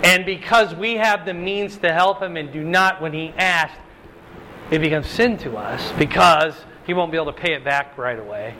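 A pastor teaches a Bible lesson at a moderate pace, reading Scripture aloud and frequently checking in with "okay?" and "right?". He's animated, swinging his pitch high when voicing God's words. The audio is poor with slight background noise.

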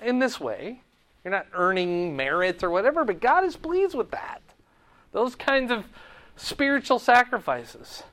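A man's voice: high voice, a little slow. A man teaching a Bible class, asking the group questions and closing in prayer. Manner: asks the class questions, animated emphasis then quiet prayer.

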